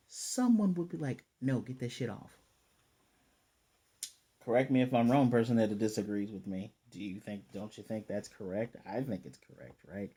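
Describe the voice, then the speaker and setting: A young man casually recapping a cartoon episode, rambling and slipping into quick quoted asides. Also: medium pitch, warm tone, breathy edge. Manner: rambling, retells scenes with quick voiced asides. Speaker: anime reviewer.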